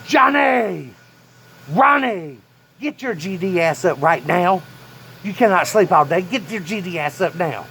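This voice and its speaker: A man voicing his short-tempered old grandfather, who yells and cusses gruffly. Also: a little high, sing-song, quick pace, hardly any pauses, a little hiss or hum. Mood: hollering. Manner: yelling, gruff and profane.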